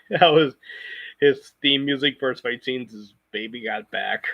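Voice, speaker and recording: A man's voice: mid-range voice, a little slow, creaky, no echo, muffled recording. A man chatting casually on a live stream, rambling and circling back with frequent restarts. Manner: rambling, full of fillers and restarts.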